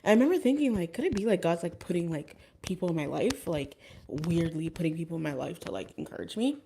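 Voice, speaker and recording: A woman's voice: fairly low pitch, animated, fast talker, mellow, a little hiss or hum. A woman telling a personal story in a casual, rambling way, with many fillers and restarts. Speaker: vlogger.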